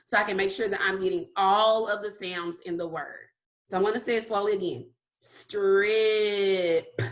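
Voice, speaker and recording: In a slow phonics lesson for young kids, a kindergarten teacher stretches out each sound patiently and gives frequent praise. She has a mid-range voice that sounds pushed and bright.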